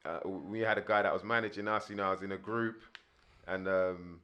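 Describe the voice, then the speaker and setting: Low-voiced man telling stories. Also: steady tone, fairly quick, dull audio. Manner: rambling with many fillers. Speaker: guest rapper. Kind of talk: casual storytelling interview.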